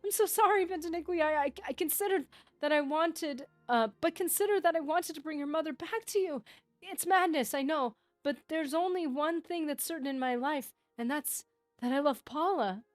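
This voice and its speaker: A woman's voice: mid-range voice, moderate pace, no room sound, lightly acted. A woman voicing a lovesick, obsessive male mage scholar, pleading and ranting as she reads a game book aloud. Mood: frantic. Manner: pleading, rising into a rant.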